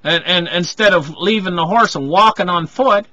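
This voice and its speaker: A man's voice: high-pitched, normal speed, sharp tone, no room sound, dull audio. A man giving a rambling monologue, circling back with restarts and frequent asides. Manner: rambling, full of restarts and "you know".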